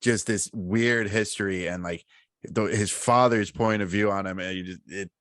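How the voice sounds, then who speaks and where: A man co-hosting a podcast, telling stories in animated casual chat. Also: fairly low pitch, normal speed, dry recording, clean studio sound. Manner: laughing, animated storytelling. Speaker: podcast co-host.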